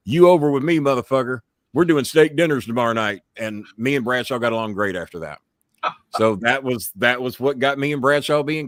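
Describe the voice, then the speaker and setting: A man hosts a loose chat show, telling rough, cursing stories with a lively, rising and falling delivery. His voice sounds close and dry, with no room around it. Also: mid-range voice, dry recording. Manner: profane, animated storyteller. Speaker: show host. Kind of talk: casual storytelling chat.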